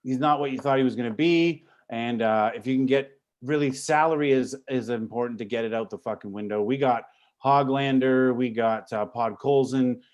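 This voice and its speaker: A man's voice: mid-range voice, moderate pace, darkish tone, highs cut off. Male host, loose swearing banter on a call-in sports stream. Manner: profane, joking, rambling. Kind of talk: casual sports talk stream. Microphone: video call.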